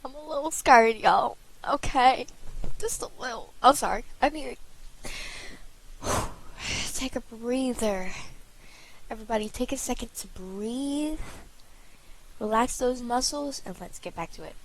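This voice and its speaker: A young woman hosting a casual reaction video, excitable and jumping between loud outbursts and hushed asides. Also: a little high, measured pace, pauses often, slight background noise, low-quality recording.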